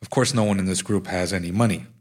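A man's voice: low voice, quick pace, breathy edge. A man, the author, reading aloud from his own memoir in a wry storytelling manner.

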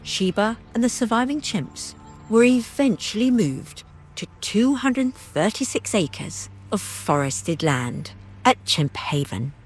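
A woman giving calm, measured scripted documentary narration. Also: mid-range voice, soft background music.

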